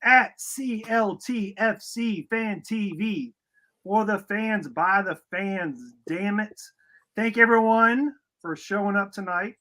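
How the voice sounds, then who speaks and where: Bright high-voiced man, excitable. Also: slow. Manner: excitable, rambling, laughs while talking. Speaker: fan channel co-host. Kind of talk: casual podcast chat.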